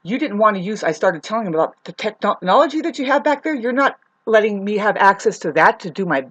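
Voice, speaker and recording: A woman's voice: medium pitch, animated, a little fast, lo-fi sound. A woman telling a personal story to camera as a vlogger, rambling and restarting, heated and swearing. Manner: rambling, repeats herself, restarts often.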